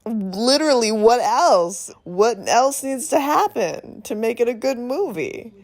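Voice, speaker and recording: A woman in her thirties reviewing a film in a phone voice memo, talking in an excited, rambling way and swearing often. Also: a little high, measured pace. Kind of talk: casual voice memo rant.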